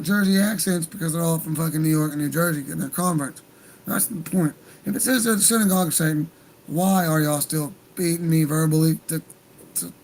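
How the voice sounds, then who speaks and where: A man's voice: high-pitched, rough recording. A man hosting a livestream, talking in a heated, profane, rambling rant. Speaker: livestream host.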